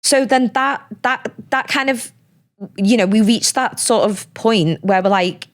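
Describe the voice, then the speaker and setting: Young woman chatting on a podcast, lively, rambly, lots of likes. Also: a little high. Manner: chatty, animated, quick asides with many fillers. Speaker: podcast guest. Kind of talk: casual conversational interview.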